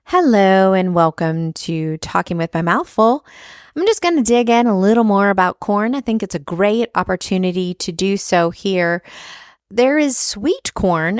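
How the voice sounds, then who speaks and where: A chatty woman hosts a food podcast, her voice smooth and clear. She talks in an enthusiastic, informal way, and the sound is dry and close. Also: medium pitch, dry recording. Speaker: podcast host. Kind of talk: casual podcast interview and solo commentary.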